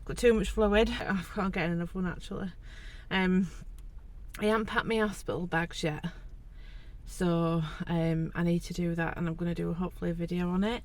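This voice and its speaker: A woman's voice: fairly low pitch, fairly even intonation, normal speed. A pregnant woman, chatting to camera in a casual vlog, laughing often and teary. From England. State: heavily pregnant, out of breath at times. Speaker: vlogger. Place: in and around a car at a hospital.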